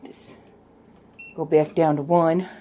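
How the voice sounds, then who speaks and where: A woman's voice: low voice, little pitch movement, slow pace, dark tone. A woman chatting casually in a home vlog, playful and talking to her dog as she sets up her room. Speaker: vlogger. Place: at home, in a room being set up. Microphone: camera.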